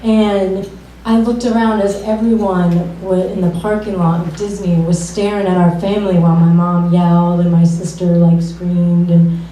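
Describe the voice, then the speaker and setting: Young woman from Massachusetts, first stand-up set, halting and filler-heavy, distant echoey club sound. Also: fairly low pitch, level tone, dark tone, slight background noise. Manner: hesitant, halting delivery with many fillers. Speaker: stand-up comedian. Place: comedy club stage. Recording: roomy club sound from far off.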